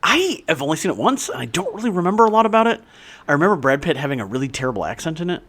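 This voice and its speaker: A man's voice: a little high, racing. A man co-hosting a podcast, casually chatting and reading out film facts in a narrating tone. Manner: relaxed, agreeable, reads facts in a narrating tone. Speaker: podcast co-host. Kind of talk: casual film chat with read-out trivia.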